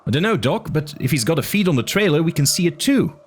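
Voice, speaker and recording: A man doing a jumpy, fretful young driver in an audiobook, his voice pushed noticeably higher than the narration and tight with nerves. He blurts and swears, always one step from panic. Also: sing-song, quick pace, breathy edge. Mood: anxious. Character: high-strung nervous male driver.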